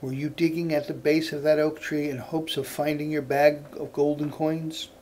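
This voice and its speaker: Kind, firm old judge in a storybook tale, read by a male storyteller; slightly high voice. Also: flat delivery, normal speed, a little mellow, a little hiss or hum, lightly acted. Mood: earnest.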